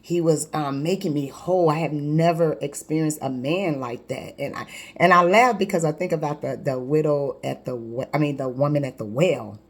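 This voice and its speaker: A woman in her fifties, a life coach, telling her personal testimony in a lively, conversational way with frequent restarts. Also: low-pitched, normal speed.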